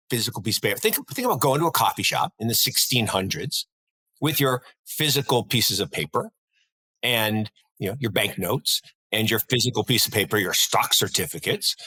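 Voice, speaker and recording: A man from North Carolina co-hosting a markets podcast, telling history in a rambling, animated way with many restarts. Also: medium pitch, moderate pace, breathy edge, rough recording. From North Carolina, USA. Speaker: podcast co-host. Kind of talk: casual market chat.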